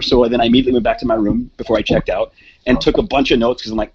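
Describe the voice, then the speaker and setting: A man's voice: medium pitch, rapid-fire, muffled recording. A man telling a wild personal story in casual podcast chat, swearing freely and acting out the voices of people in it. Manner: profane, animated, acts out quoted voices. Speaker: podcast guest.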